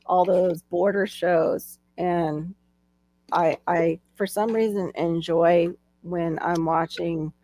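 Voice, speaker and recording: A woman's voice: lowish voice, steady tone, slow, warm tone, dry recording. A woman with a Northeast US accent hosting a casual live stream chat, talking freely with many restarts and frequent laughs. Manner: chatty, laughs often, trailing restarts.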